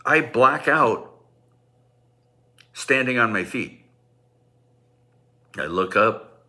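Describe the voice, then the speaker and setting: A man's voice: mid-range voice, expressive, extremely slow, pushed and bright. A middle-aged man telling a personal story in a rambling, self-deprecating way, with many restarts.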